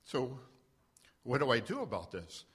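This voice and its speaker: A man at a church mic telling a personal story, halting and self-deprecating, with many fillers and restarts. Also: medium pitch, wildly swooping pitch, a bit bright, slightly rough. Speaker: church member sharing a testimony. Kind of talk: unscripted personal testimony. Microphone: standing mic.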